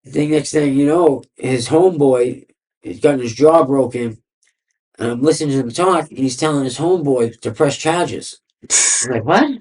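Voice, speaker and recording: A man from the Boston area, a podcast guest, tells his story in a casual interview at normal speed, his mid-range voice darkish in tone. He rambles and swears, filling his talk with "like" and "you know."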